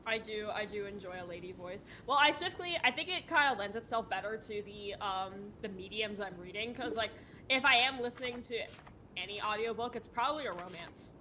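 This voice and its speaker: A woman's voice: mid-range voice, brisk, pushed and bright, a little hiss or hum. A woman chatting casually on a live stream, laughing often and acting out mock outrage.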